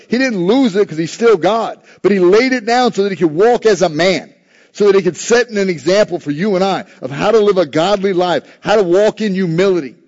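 A male pastor delivers a sermon in an earnest, plain-spoken way. His voice sits a little high for a man. The recording sounds muffled and lo-fi. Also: darkish tone. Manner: earnest, conversational preaching with acted-out quotes.

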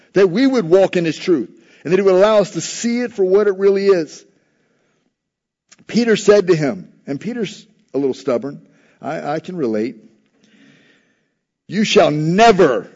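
A man's voice: on the high side, darkish tone, lo-fi sound. A man preaching a sermon in an earnest, conversational way, acting out quotes from scripture. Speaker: pastor.

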